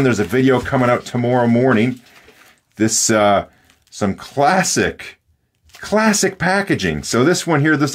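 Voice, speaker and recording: A man's voice: mid-range voice, slight background noise. Playful, joking man. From British Columbia, Canada. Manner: playful and jokey, rambling with fillers. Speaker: fountain pen channel host. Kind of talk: casual unboxing vlog.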